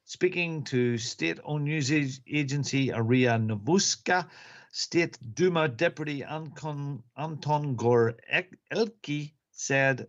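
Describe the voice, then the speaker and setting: A man's voice: fairly high pitch, takes it slowly, lo-fi sound. A man presenting gaming news on a podcast, slipping wry joke lines into the reports. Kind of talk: reading gaming news with jokey asides. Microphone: computer mic on a live stream.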